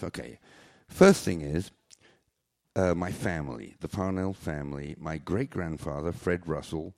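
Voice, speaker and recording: A man's voice: low voice, creaky, a little mellow. An older man telling rambling, jokey, self-mocking stories on stage at a live venue. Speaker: storyteller.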